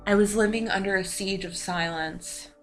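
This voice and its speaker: A woman giving a slow, solemn scripted voice-over narration for a documentary. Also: medium pitch, fairly bright tone. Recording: voice-over with music behind.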